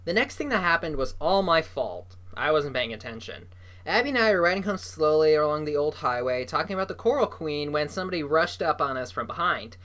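A reader narrating a children's novel aloud, lively and voicing the characters. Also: medium pitch, fairly quick.

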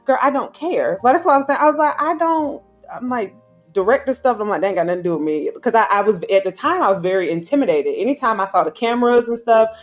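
A woman, telling an animated story as an interview guest and acting out other people's voices. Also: medium pitch, fast talker, faint music behind. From South Carolina, US. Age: 30s. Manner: acts out quoted voices, slangy and emphatic. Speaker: guest filmmaker. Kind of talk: animated storytelling in casual chat.

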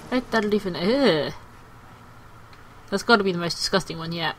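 A woman's voice: medium pitch, racing, a bit bright, slight background noise, low-quality recording. A woman playing a video game and commentating casually, chatty and playful with frequent exclamations. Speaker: gaming video host.

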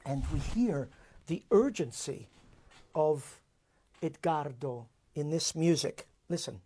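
A middle-aged man hosting a music series, explaining an opera thoughtfully with frequent pauses and restarts. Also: a little high, lively intonation, mellow, husky. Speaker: music director and host.

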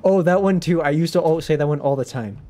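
A man's voice: on the high side, fast, dark tone. A young man streaming a video game, chatting casually in a rambling, self-conscious way. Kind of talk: casual livestream chat.

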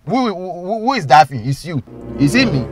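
A man's voice: high-pitched, big pitch swings, normal speed, faint music behind. A man with a Nigerian accent playing a boastful comic driving instructor in a comedy skit, mixing pidgin and English and laughing often.

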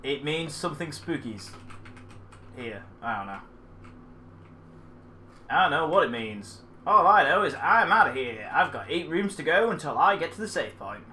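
A gamer giving let's play commentary on a horror game, excitable and jumpy, talking back at what is on screen. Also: medium pitch, normal speed, pauses often, slight background noise.

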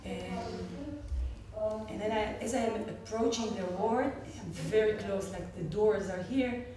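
Israeli woman telling a story in an echoey hall. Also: mid-range voice. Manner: animated storyteller, laughs often, halting restarts. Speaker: medical clown. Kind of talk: personal story told to a panel audience. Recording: echoey hall, distant mic, audience noise.

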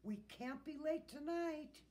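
A woman reading aloud as a frantic storybook Santa, an old man forever running late. He exclaims loudly, with pitch leaping high and low, at an unhurried pace. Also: big pitch swings. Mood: urgent. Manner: loud, flustered, exclaiming.

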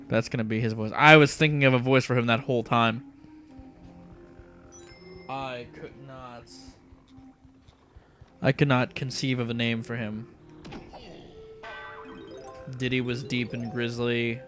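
A man's voice: mid-range voice, level tone, unhurried, long pauses, fairly bright tone, soft background music. A young man giving casual, rambling commentary while playing a video game, often trailing off into mutters. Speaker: let's play host.

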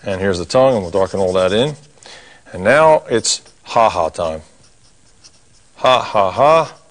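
A middle-aged man with a fairly low voice leads a cartoon drawing lesson, calmly narrating each stroke as he draws. His manner is folksy and he drops in corny gags along the way. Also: normal speed. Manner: folksy, corny jokes, talks while drawing. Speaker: drawing instructor.

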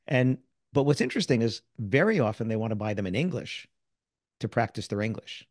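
A man's voice: medium pitch, fairly quick, no room sound, studio quality. Chatty American man telling stories. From United States. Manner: animated storyteller who acts out quoted people. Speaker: guest, sales author and speaker. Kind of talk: casual interview storytelling.

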